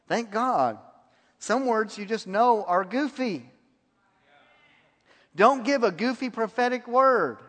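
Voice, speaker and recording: A man's voice: very high voice, lively intonation, slow pace, pauses often, fairly bright tone. A man preaching a sermon, telling stories and laughing at his own anecdotes. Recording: long hall reverb.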